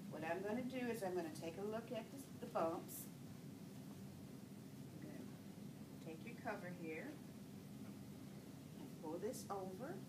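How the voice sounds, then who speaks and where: A woman nursing instructor demonstrating a patient assessment, giving calm step-by-step instructions. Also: medium pitch, a little slow, pauses often. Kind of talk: clinical skills demonstration. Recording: echoey room, far from the mic, noisy.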